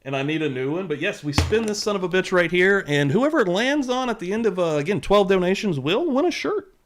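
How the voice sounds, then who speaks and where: A young adult man hosting a casual livestream, animated and excitable, swearing casually as he greets viewers. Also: high voice, brisk. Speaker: livestream host.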